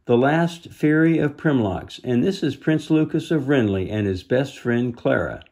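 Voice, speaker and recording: A man voicing a tiny, frightened but brave female fairy in a storybook, speaking shakily and haltingly. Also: mid-range voice, darkish tone, husky. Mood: timid. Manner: shaky, halting. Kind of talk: storybook read-aloud.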